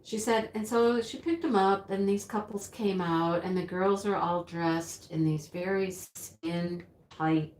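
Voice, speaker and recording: A woman telling a story in an animated, exclaiming way. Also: medium pitch. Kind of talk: storytelling chat. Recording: roomy echo.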